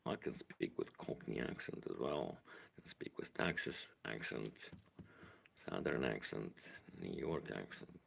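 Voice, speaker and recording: A tired, middle-aged man from Ukraine speaks with a Ukrainian accent in a very deep, heavily gravelly voice. He rambles slowly from one thing to the next, his pitch moving a lot. A faint hiss sits under the home recording. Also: animated. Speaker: vlogger. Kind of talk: casual monologue to camera.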